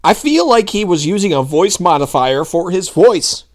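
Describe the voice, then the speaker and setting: A man's voice: sits high, expressive, normal speed. A male commentary host ranting in a sarcastic, heated, mocking way.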